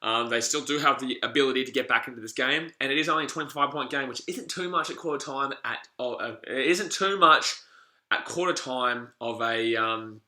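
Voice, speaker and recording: An excitable man with an Australian accent, from the Gold Coast, hosting a live sports watch-along, chatting to viewers and repeating himself as he reacts to the play. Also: medium pitch, fairly quick, reverberant. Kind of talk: live-stream sports commentary and chat with viewers.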